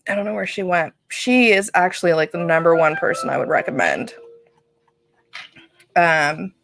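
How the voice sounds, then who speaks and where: A woman's voice: on the low side, expressive, moderate pace, creaky, fairly bright tone, no room sound. A woman giving a casual spiritual reading to a viewer on a livestream, chatty and laughing often, with lots of fillers and restarts. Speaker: psychic reader on a livestream. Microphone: livestream setup.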